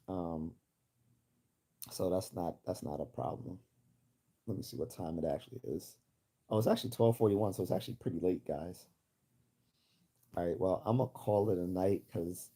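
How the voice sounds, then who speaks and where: A man's voice: deep voice, warm tone. A man from Baltimore hosting a livestream, chatting casually and rambling with many restarts while he answers chat comments. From Baltimore, USA. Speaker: livestream host.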